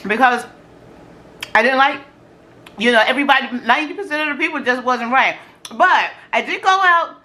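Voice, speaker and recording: A middle-aged woman vlogger telling dating stories in casual, animated chat while eating on camera, slangy and quick to exclaim. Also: high-pitched. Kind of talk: casual storytelling during a food challenge.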